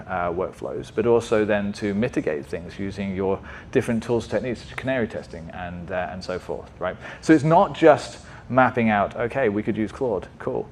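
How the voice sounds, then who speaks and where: A man's voice: fairly low pitch, a little hiss or hum. Chatty man giving a tech meetup talk. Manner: conversational, asks frequent "right?" checks. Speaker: conference speaker.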